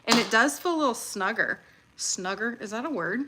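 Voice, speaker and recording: Woman, livestream host, bright tone, chatty and excitable, quick to laugh. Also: a little high. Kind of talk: casual livestream chat.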